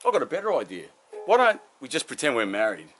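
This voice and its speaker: A man voicing a sharp-tongued married woman who speaks slyly and sarcastically. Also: mid-range voice, wildly swooping pitch, quick pace, faint music behind, pitched above the performer's own voice. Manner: sly, sarcastic.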